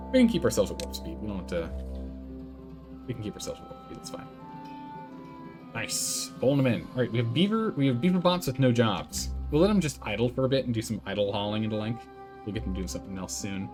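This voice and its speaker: A man casually commentating his building game on a live stream, thinking aloud, answering chat and laughing often. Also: fairly low pitch.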